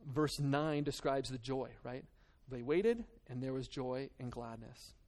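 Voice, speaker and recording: A male pastor preaches in an earnest, conversational way, stopping and restarting his thoughts as he goes. His voice sits at an ordinary middle pitch. He moves between reading scripture and talking plainly to his congregation. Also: unhurried, darkish tone. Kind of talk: sermon.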